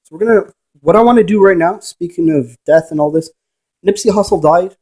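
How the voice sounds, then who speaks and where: A fairly quick, a little mellow voice that sits high belongs to a man who investigates ghosts. Rambling and preachy, he argues with whoever is watching by way of rhetorical questions.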